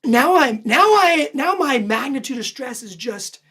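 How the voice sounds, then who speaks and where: A woman host animatedly telling a personal story, lively and self-deprecating, laughing often. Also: high-pitched, unhurried, breathy edge. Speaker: host recounting her own stories.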